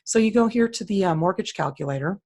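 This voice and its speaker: A woman's voice: mid-range voice, expressive, quick pace, a little mellow. A woman co-hosting a casual talk, walking through listings on screen in a blunt, opinionated, plain-spoken way. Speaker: co-host. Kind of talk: casual screen-share commentary.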